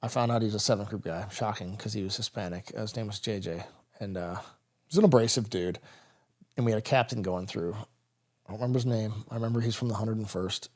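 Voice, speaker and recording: A man's voice: lowish voice, fairly quick, a little mellow. A man in his thirties, a military veteran guest, telling stories in a candid, rambling, casual way on an interview podcast. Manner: candid, rambling, with frequent "brother" and "dude".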